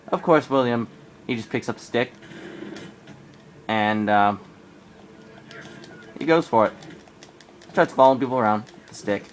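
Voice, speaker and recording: A teenage man from Arizona who's coming down with a cold tells a rambling camping story in a casual vlog, getting animated in the quoted parts. He talks at normal speed with long pauses. The low-quality recording has faint background ambience and slight noise.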